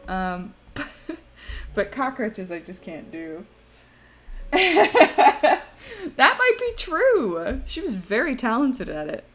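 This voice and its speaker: A young woman streaming live, chatting casually and rambling through stories, often breaking into laughter. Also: mid-range voice. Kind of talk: casual chat to a live audience.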